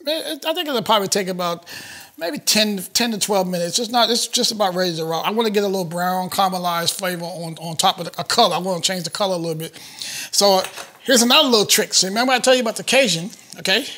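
A chef talks viewers through his cooking in a chatty, excited way. The man's voice sits high and rings bright and forward. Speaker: chef hosting a cooking show. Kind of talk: cooking demonstration.

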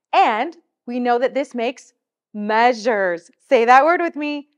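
A woman's voice: mid-range voice, expressive, fairly bright tone. A woman teaching a children's music lesson, upbeat and coaxing, leading call-and-response. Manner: upbeat, coaxing, slow and clearly articulated.

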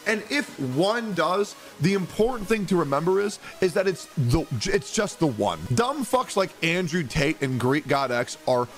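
A man's voice: fairly high pitch, sing-song, measured pace, few pauses, faint music behind. A man on a stream, ranting emphatically and swearing as he makes his point. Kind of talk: casual stream chat.

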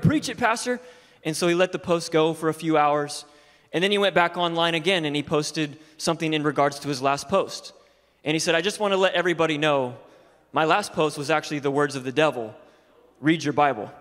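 High-voiced young man preaching in a hall. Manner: swings from quiet and low to shouting exhortation. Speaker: youth pastor. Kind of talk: energetic sermon. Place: church sanctuary.

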